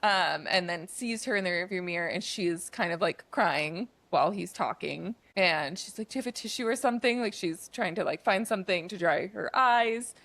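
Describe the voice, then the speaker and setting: A woman's voice: fairly low pitch, normal speed, gravelly, few pauses, fairly bright tone, dry recording. A young adult woman co-hosting a podcast, recapping a film in chatty, casual talk packed with "like" fillers. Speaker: podcast co-host.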